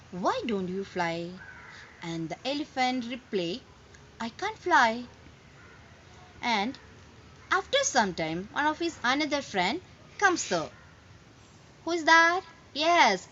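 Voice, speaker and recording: A woman's voice: on the high side, big pitch swings, takes it slowly, pauses often, bright, forceful tone, lo-fi sound, slight background noise. A woman English teacher leading a lesson for young pupils, asking questions and answering them herself in simple, slightly broken English.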